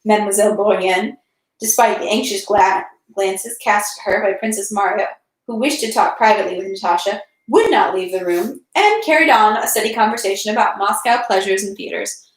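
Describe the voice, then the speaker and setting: A woman with a medium-pitched voice reads a classic novel aloud in a steady manner, now and then slipping and correcting herself. The room she's in is echoey.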